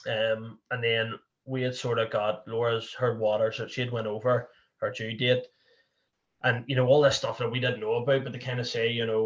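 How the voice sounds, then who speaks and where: A young Northern Irish man recounts a personal story at a middling pitch, rambling and leaning on "you know" as he restarts his sentences. The sound is dull and lo-fi, as on a modest podcast recording. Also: little pitch movement, a little fast, a bit bright. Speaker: podcast guest.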